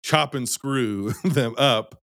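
A man co-hosting a casual film discussion podcast, emphatic and animated, swearing now and then. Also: mid-range voice, slow pace, creaky, no echo, studio quality.

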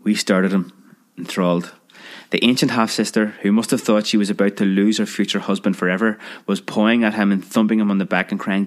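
Male narrator, low voice, lively storytelling, audiobook read. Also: fast. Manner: lively storyteller voicing characters. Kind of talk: scripted narration of a children's memoir.

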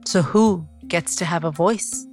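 Brief: middle-aged woman host, Indian accent with East London traces, low-ish voice, measured and reflective, faint music behind. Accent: Indian, mix of Mumbai, Kerala and East London. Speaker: podcast host. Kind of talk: podcast interview and scripted narration.

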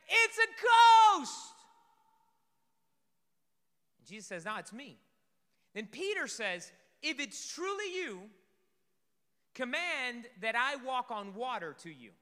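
A man preaching a sermon to a congregation, lively, swinging between loud emphasis and soft asides. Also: extremely high pitch. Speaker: pastor. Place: church sanctuary. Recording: reverberant hall.

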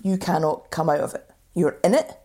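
A woman co-hosting a casual chat show, talking in a relaxed back-and-forth way with quick interjections. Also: sits low, husky. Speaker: podcast co-host.

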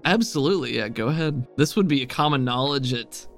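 Relaxed male game master. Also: medium pitch, brisk, faint music behind. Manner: relaxed, descriptive, with frequent fillers. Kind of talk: narrating a tabletop game.

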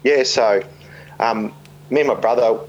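A man's voice: medium pitch, unhurried, dull audio, a little hiss or hum. A middle-aged man with an Australian accent, casually telling a jokey, rambling story as an interview guest, full of fillers and restarts.

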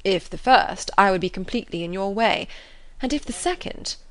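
A woman reading a proud, grave young gentleman. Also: mid-range voice, normal speed, natural voice.

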